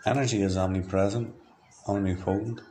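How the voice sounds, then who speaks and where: Speaking a little fast, a man from Ireland rambles through a diary-style monologue in a low, flat voice. One word leads loosely to the next, all matter-of-fact, over a faint background hum.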